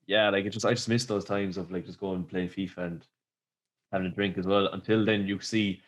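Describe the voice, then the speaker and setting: A man's voice: low voice, steady tone, fairly quick. A man hosting a podcast, telling rambling stories in casual chat and laughing often. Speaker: podcast host.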